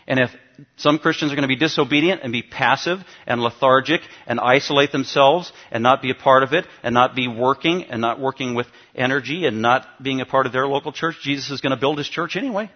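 A man's voice: mid-range voice, brisk, lo-fi sound. A male pastor preaching a teaching sermon to his congregation, emphatic and given to asking them questions.

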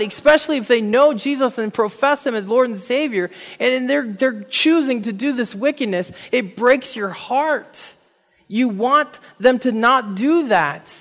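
A man's voice: extremely high pitch, a little slow, a bit bright. A man preaching a sermon, retelling a Bible story in casual speech and acting out the figures' words with animation. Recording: reverberant hall.

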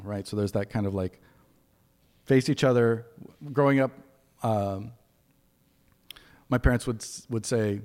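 A man's voice: lowish voice, measured pace, long pauses, a little mellow, long reverb tail. A man giving a conversational sermon with folksy asides as preacher.

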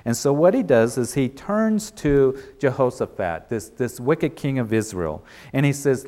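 A man's voice: medium pitch, sing-song, normal speed, hardly any pauses, a little mellow. A male pastor delivering a sermon, retelling a story and driving points home with repeated, emphatic phrases.

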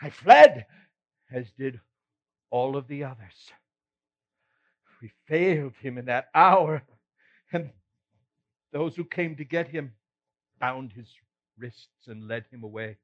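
This man's voice sits at medium pitch, moving slowly with long pauses and only light acting. He portrays a remorseful, self-reproaching apostle Peter, retelling his own failings in an earnest, emotional first-person monologue broken by sighs and rueful laughs, captured on a slightly muffled recording.

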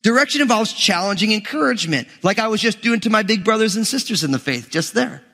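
A man's voice: high voice, lively intonation, quick pace, a bit bright. A man in his thirties preaching a sermon as a pastor, emphatic and joking with the congregation. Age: 30s. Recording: long hall reverb.

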